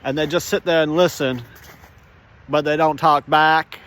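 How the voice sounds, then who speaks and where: A man's voice: on the high side, fairly even intonation, unhurried, a bit bright. A man talking to the camera while walking an outdoor trail, rambling and joking in a casual walk-and-talk monologue, chuckling to himself, on a handheld phone. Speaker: vlogger. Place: outdoor snowy trail in rural Minnesota.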